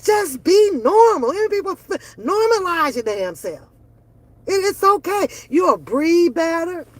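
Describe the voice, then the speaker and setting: A woman's voice: extremely high pitch, sing-song, a little slow, no echo. A woman, ranting bluntly and profanely on her reaction channel. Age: 40s. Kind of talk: casual opinion rant.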